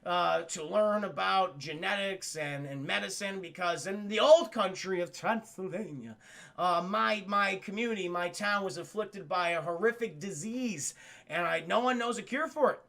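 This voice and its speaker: A man's voice: high voice, normal speed, creaky, fairly bright tone. An man voicing a brooding, self-important young male student with a dramatic manner. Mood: solemn.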